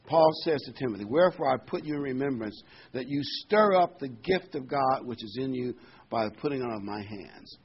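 An older male preacher of middle pitch delivers a sermon, moving between plain comments and raised, emphatic scripture reading. The recording is dull and lo-fi, with a faint hiss underneath. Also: lively intonation, moderate pace. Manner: rises in pitch and volume when reading scripture aloud. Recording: dull lo-fi sound with faint noise.

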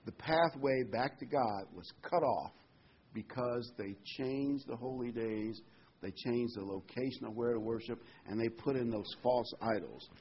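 A man's voice: mid-range voice, measured pace, husky. A man delivering a sermon in a conversational way, with fillers and emphatic repetition. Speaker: preacher. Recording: dull lo-fi sound with faint noise.

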